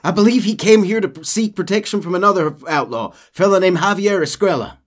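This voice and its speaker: A man's voice: high-pitched, fairly quick, voice pushed up. A man voicing a terse, stubborn gunslinger in his own voice while reading a game's dialogue aloud. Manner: plain read, no accent.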